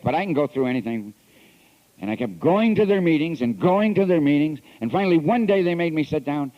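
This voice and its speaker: A priest telling his recovery story at a convention, earnest and confessional, swinging between hushed passages and emphatic ones, recorded on an old lo-fi tape. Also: mid-range voice. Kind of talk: recovery talk. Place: convention hall. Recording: dull lo-fi 1980s tape recording.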